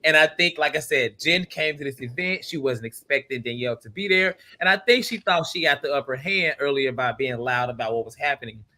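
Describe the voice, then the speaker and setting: A man's voice: mid-range voice, a little fast, hardly any pauses, bright, forceful tone. A man on a chat panel, chatty and laughing between his points. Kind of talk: casual chat.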